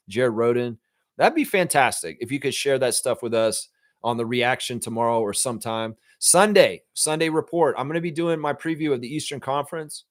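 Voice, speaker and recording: A male stream host talks in a loose, unscripted way, often swearing and reading out viewer comments. His voice sits at an ordinary middle pitch. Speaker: host of a fan live stream. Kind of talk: casual live-stream chat.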